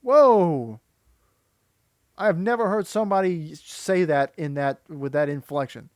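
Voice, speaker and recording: High-voiced exasperated man ranting. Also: moderate pace, a little mellow, clear, resonant tone, dry recording, studio quality. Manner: exasperated, critical, rambling with many restarts. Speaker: YouTuber and voice actor. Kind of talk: commentary video rant.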